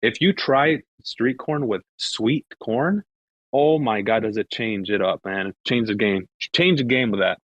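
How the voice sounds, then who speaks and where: A man of Mexican heritage hosting a casual group chat, animated and swearing a lot, playfully indignant. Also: mid-range voice, measured pace, no echo, dull audio. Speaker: host.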